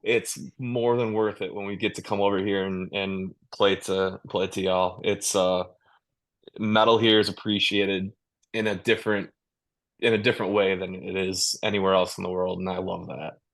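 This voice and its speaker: A low-voiced man chatting in a relaxed, rambling way, often restarting his sentences and laughing easily. He sounds like a touring musician speaking from a video call. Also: moderate pace, vocal fry. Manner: laid-back, rambling with many restarts and laughs. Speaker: touring metal band musician, guest. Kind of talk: casual interview chat.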